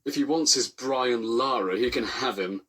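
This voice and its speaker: A man's voice: mid-range voice, moderate pace, a bit bright, husky, distant mic. A man voicing a brash, careless male engine in a fan-made storybook parody.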